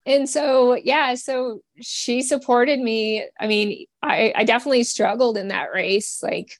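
A young woman, a cyclist, talking as a guest in a casual podcast chat, halting with many fillers and restarts. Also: fairly high pitch, steady tone, dry recording.

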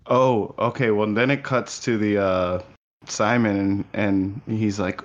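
A man's voice: lowish voice, fairly even intonation, measured pace, muffled recording. A man co-hosting a podcast, chatting casually and often laughing as he retells jokes from a movie. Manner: laughs often, acts out lines in silly voices. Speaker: podcast co-host.

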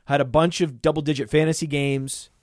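A man co-hosting a casual podcast, talking excitedly and rattling off lists of names and numbers, often laughing at himself. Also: a little high, brisk, dry recording, clean studio sound. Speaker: podcast co-host.

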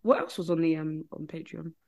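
A woman's voice: low-pitched, little pitch movement, brisk, a little mellow, highs cut off, a little hiss or hum. A woman, co-hosting a podcast in casual chat, blunt and opinionated, often restarting her phrases as she talks. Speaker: podcast co-host.

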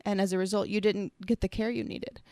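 A woman's voice: mid-range voice, fairly even intonation, a little fast, a little mellow, clean tone, dry recording. A woman co-hosting a casual conversation, earnest and reflective, working through her thoughts in long, searching sentences.

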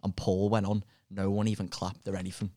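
A man's voice: sits low, little pitch movement, fairly quick, warm tone, dry recording, clean studio sound. A male comedian telling rowdy gig stories on a podcast, laughing as he talks and swearing casually. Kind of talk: casual chat, storytelling.

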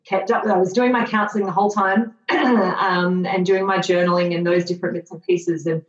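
A woman in her thirties, fairly low-pitched and steady in tone, talks fairly quickly as a guest on a podcast. Her account of her own story is candid, earnest, and reflective, broken by moments of self-mocking sarcasm. The recording sounds dull, roomy, and lo-fi.

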